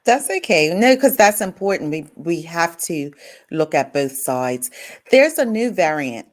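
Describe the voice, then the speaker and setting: A woman co-hosting a talk show, friendly and quick to laugh. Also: on the low side, big pitch swings.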